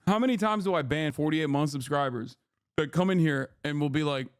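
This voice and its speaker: A male streamer rants at his chat in a slightly high voice, heated and profane, scolding viewers as he reacts to a video. The sound is dry and close, with no room around it. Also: fairly quick, clear, resonant tone, no room sound. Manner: heated, exasperated ranting with heavy profanity. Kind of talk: live-stream commentary.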